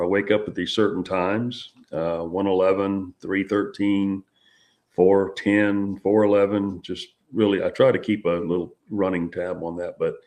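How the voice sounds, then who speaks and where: A middle-aged man, telling a personal experience as an interview guest in a halting, rambling way full of restarts. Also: low voice, a little mellow.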